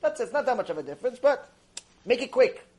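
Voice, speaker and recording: Hurried offhand farmer guy acted by a man, high-ish voice, wants you gone. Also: sing-song, a little mellow. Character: busy, impatient male chicken farmer.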